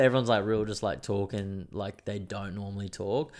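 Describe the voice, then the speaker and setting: A young man with a somewhat low voice talks through a loose, wandering monologue as host of his own show. He drifts off topic often and swears without a second thought. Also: normal speed, few pauses. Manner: rambling, digressive, swears freely. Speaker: podcast host. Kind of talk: casual monologue.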